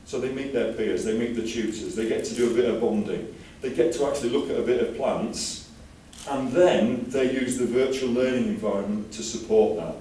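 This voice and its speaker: Male conference speaker from the UK, lively and jokey, mellow tone, distant mic in a roomy hall with faint ambience. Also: mid-range voice, normal speed, slight background noise. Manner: enthusiastic, chatty, jokey asides. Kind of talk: conference talk.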